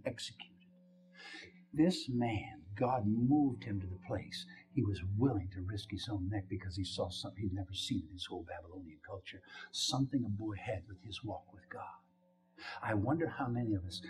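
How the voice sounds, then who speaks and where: A man preaching a sermon, telling a story with lively swings from loud exclamations to hushed whispers and calling out questions to the congregation. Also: fairly low pitch.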